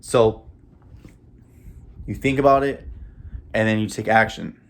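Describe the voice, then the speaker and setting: Young guy vlogging, kinda low voice, rambly and repeats himself, getting choked up. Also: steady tone, unhurried. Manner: rambling, repeats words, laughs often. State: emotional, choked up. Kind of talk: casual motivational monologue.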